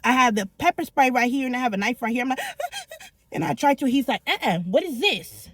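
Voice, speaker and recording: A woman's voice: sits high, racing, no echo. Middle-aged woman vlogger, blunt and slangy, candid confessional storytelling with a dry close sound.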